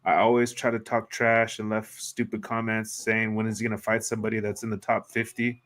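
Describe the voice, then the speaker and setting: A man's voice: on the low side, monotone, a little fast, a bit bright. A man on a fight picks stream giving blunt, opinionated trash talk in casual banter. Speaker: co-host of a fight picks show.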